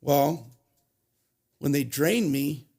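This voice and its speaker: Gravelly, husky man telling his story. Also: on the high side, dark tone. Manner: halting, restarts and self-corrections, emotional retelling. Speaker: podcast guest sharing recovery story. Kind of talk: personal storytelling.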